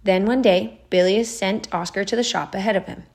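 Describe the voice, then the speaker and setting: A woman narrating a storybook aloud in a measured, expressive way. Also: mid-range voice.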